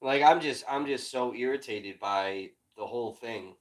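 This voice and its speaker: Man from Illinois, livestream host, profane angry rant, mid-range voice, muttering then shouting. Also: medium pitch, normal speed, poor audio. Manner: heavily profane, frustrated, swings from muttering to shouting. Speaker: livestream host and independent journalist. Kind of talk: ranting livestream commentary.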